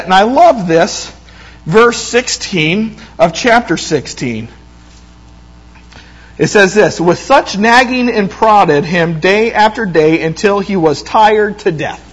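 A man preaching a sermon, retelling a scripture story with lively quoted voices and frequent restarts. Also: high voice, measured pace, low-quality recording.

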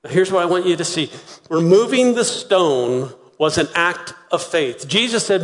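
Animated preacher man in a reverberant hall. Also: high-pitched, brisk. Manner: animated storytelling, acting out voices. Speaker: pastor. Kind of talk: sermon.

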